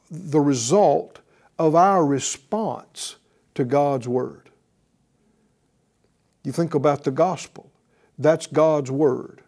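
A middle-aged man delivers a sermon in a slow, deliberate cadence. His voice sits slightly high for a man but has a warm, mellow color. He drives his points home with emphasis and rhetorical questions to the listeners. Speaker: pastor.

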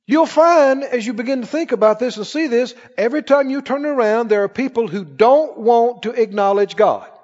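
Man, pastor, high voice, emphatic sermon, long church reverb, dull sound. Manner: emphatic preaching, rising to shouts, quick asides.

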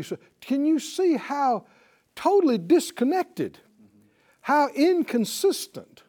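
A man's voice: very high-pitched, slow. A man preaching a sermon to a live audience. He talks animatedly and keeps asking the listeners questions to draw out their replies. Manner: animated, asks the audience questions for call-and-response. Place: teaching before a live audience.

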